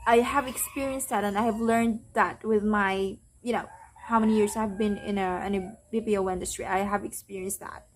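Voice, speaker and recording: A woman's voice: medium pitch, fairly even intonation, normal speed, a little hiss or hum. A young adult woman from the Philippines, English not her first language, talking through call center tips in a casual, chatty way with many fillers and restarts. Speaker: call center agent vlogger. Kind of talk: casual advice talk to camera.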